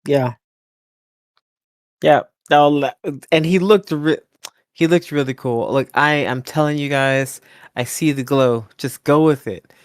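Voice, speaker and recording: A mid-pitched podcast co-host chatting about wrestling, laughing often and acting out what the wrestlers said. The voice sits close to a dry mic with no room sound. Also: a little slow, long pauses, dry recording. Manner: laughs easily, animated retelling with mock quotes. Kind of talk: casual wrestling recap chat.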